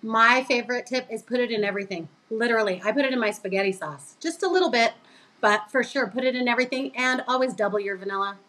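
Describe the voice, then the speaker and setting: A middle-aged woman with a fairly high voice tells a story as a podcast guest. She is animated and lively, and she acts out the people she quotes. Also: fast, poor audio. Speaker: guest, business co-owner.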